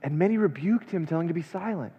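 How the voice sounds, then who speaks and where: A man's voice: on the high side, animated, quick pace, slightly rough. Preaching man in a reverberant church. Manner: reads scripture aloud, then explains with rhetorical questions; swings between hushed and emphatic. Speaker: pastor. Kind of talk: expository sermon. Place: church sanctuary. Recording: long church reverb, dull lo-fi sound.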